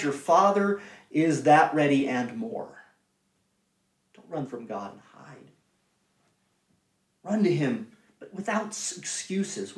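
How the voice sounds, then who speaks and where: Earnest male preacher in echoey room. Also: sits high. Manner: earnest, swings from raised emphasis to hushed pleading. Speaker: pastor. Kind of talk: sermon. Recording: echoey room, mic at a distance.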